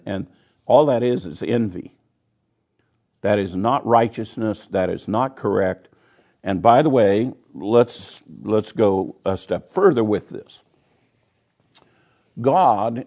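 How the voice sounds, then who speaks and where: A man's voice: on the low side, vocal fry, a little mellow. A man teaching a Bible study, reading scripture passages aloud and then explaining them in plain, conversational terms.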